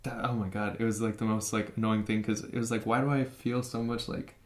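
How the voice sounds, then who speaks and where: A man's voice: fairly low pitch, little pitch movement, fairly quick, darkish tone, echoey room. A young man from San Francisco answers interview questions casually, with many fillers and restarts. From San Francisco, USA. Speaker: interview guest.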